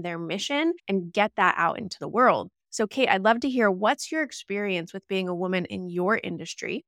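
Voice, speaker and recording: A woman's voice: medium pitch, a bit bright, no room sound, studio quality. A woman podcast host, talking earnestly and stacking ideas in lists as she sets up her question. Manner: earnest, list-like phrasing. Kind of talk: podcast interview.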